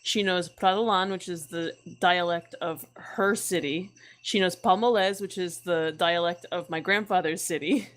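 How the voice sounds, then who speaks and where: A woman's voice: lowish voice, fairly even intonation, moderate pace. A woman chatting casually on a podcast, loose and full of fillers. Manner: chatty, many fillers and restarts. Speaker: podcast co-host. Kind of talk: casual chat.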